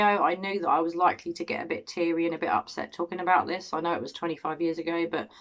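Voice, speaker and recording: A woman in her thirties with an English accent and a notably low, deep voice talks through a cold case as a vlogger. Her storytelling is casual and earnest, with a personal, heartfelt tone. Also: fairly even intonation, fast, hardly any pauses. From Cambridge, England. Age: 30s. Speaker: true-crime vlogger. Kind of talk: casual true-crime storytelling.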